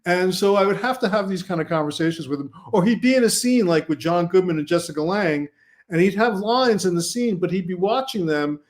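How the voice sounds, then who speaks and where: High-voiced man telling lively film stories. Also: fairly quick. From Brooklyn, New York. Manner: animated anecdotes, quotes himself and others. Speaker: guest film director. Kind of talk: casual storytelling.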